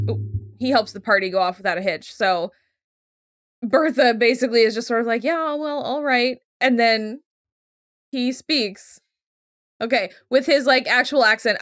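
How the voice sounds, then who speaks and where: A woman's voice: medium pitch, a bit bright, dry recording, studio quality. A young adult woman co-hosting a show recap, chatting casually and retelling scenes with quoted voices. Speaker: podcast co-host.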